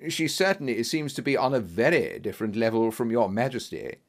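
Clever detective, male narrator, cold and clipped, lively intonation. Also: mid-range voice, brisk, pitched below the performer's own voice. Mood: cool. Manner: cool and clipped.

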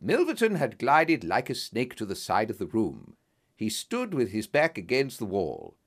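A man reading a story aloud as narrator, in an expressive, dramatic style. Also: on the low side, moderate pace.

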